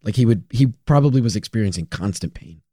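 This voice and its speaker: A man's voice: fairly low pitch, expressive, fast, mellow, husky, dry recording, studio quality. A man co-hosting a podcast in casual chat, rambling through his thoughts. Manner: rambling, many fillers and restarts. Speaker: podcast co-host.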